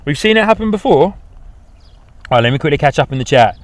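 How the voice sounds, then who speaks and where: A man's voice: on the high side, sing-song, fast talker, dry recording. Chatty man hosting a plane-spotting livestream. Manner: chatty, reads out chat messages, upbeat asides. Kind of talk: casual live commentary. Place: outdoors at an airport.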